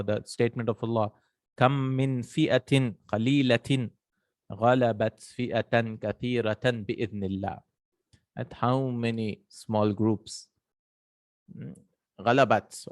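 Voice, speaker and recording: A man's voice: medium pitch, no echo. A man teaching an Arabic grammar lesson in English, explaining step by step, working Arabic terms into his speech and checking in with the listener.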